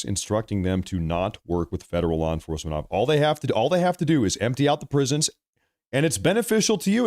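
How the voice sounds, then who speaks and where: Man hosting a ranting political livestream. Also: fairly low pitch. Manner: sarcastic, emphatic ranting. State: losing his voice. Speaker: livestream host.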